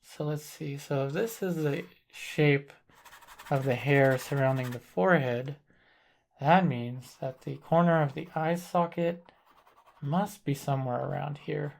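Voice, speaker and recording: A man demonstrating a portrait painting as an instructor, calmly thinking aloud while he works. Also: fairly high pitch, gravelly, a little hiss or hum. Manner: thinks aloud while working, calm and deliberate.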